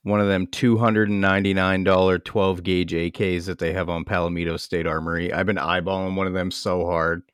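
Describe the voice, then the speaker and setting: Low-voiced jokey podcast host. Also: male voice, level tone, a little fast, hardly any pauses, smooth, dry recording, clean studio sound. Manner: laid-back, jokey banter. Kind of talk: casual podcast chat.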